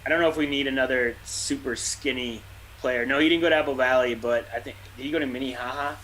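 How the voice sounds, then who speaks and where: A man's voice: mid-range voice, steady tone, fast, a bit bright, a little hiss or hum, rough recording. A man co-hosting a casual sports podcast, an opinionated fan who rants with a laugh. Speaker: podcast co-host.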